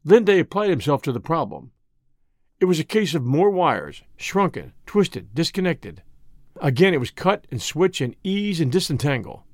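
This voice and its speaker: A man narrating a classic story in a measured, dramatic reading. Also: fairly high pitch, very animated, dry recording, clean studio sound.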